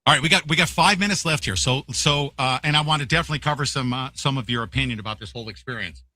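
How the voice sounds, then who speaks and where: A man's voice: medium pitch, rapid-fire, pushed and bright, no echo. A man hosting a talk show, questioning his guest in an urgent, emphatic way. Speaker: host. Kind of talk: talk radio interview.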